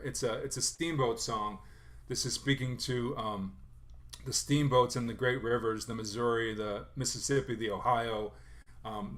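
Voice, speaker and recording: A male lecturer gives an academic presentation on song history. He talks in a thoughtful, halting way, full of fillers and restarts. His voice sits at an ordinary middle pitch. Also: a bit bright. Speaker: lecturer on sailor songs.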